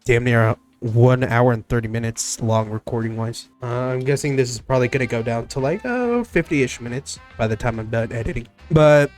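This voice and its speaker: Young male gaming host, mid-pitched voice, casual and profane, with faint music underneath. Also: moderate pace, hardly any pauses. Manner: casual and profane, with loud excited bursts. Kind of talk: casual solo commentary.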